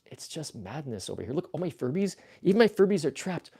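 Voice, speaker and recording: A man hosts a laid-back livestream from a room crammed with toys. He rambles goofily and reads the chat aloud, and his pitch jumps around a lot. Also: sing-song, fairly quick, gravelly, mellow, breathy edge. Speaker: livestream host. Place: toy-filled room.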